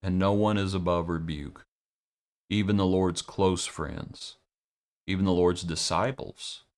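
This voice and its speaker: A man with a low, deep voice teaches a daily devotional Bible lesson. He speaks in a reflective, halting way, often repeating a word and restarting his sentences as he works through a passage. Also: steady tone, a little mellow. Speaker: preacher.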